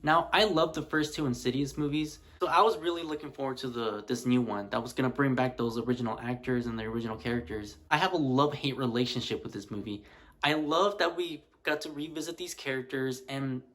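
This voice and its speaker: A man's voice: mid-range voice, brisk, a bit bright. A man casually reviewing horror films in a chatty, loose vlog style full of "like" fillers. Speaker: movie reviewer.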